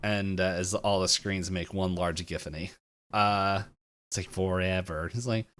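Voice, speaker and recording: Lowish-voiced guy on a podcast, recapping episodes, laughing a lot and doing quick character bits. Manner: animated retelling, acting out quotes with laughs. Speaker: podcast co-host.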